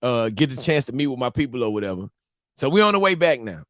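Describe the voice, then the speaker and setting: A married man hosting a live-streamed morning show, telling a story to his viewers in a casual, animated, slang-filled way. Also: medium pitch, fast, no echo, clean studio sound. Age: adult, married.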